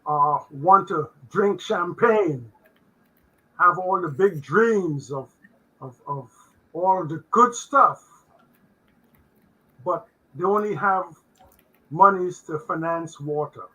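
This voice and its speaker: An older man with a raspy voice, a guest accountant giving a faith-based finance talk on a video call, halting with many fillers and restarts. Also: on the high side, pushed and bright, dull audio.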